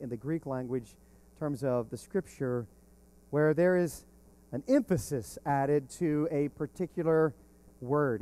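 A man preaching a sermon as pastor, slow and emphatic, swelling on key words. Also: a little high, mellow.

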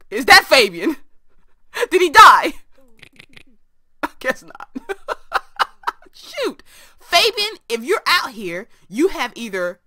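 A woman's voice: high-pitched, sharp tone, dry recording, clean studio sound. A young woman hosting a game let's play from her room, chatting to viewers and to the characters on screen. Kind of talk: casual game commentary.

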